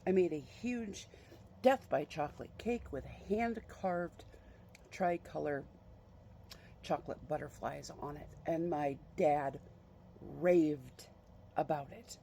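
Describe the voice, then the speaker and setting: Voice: mid-range voice, slow, creaky, pauses often, warm tone, a little hiss or hum. A vlogger telling a family story in a casual, chatty and fond way.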